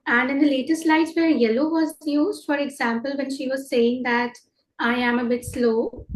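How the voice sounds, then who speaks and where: A woman answering a trainer's question and feeling her way through with many "uh"s. Her voice is high and bounces around an echoey room. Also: steady tone, normal speed, a little hiss or hum. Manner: hesitant, many "uh" fillers. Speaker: teacher in training, participant.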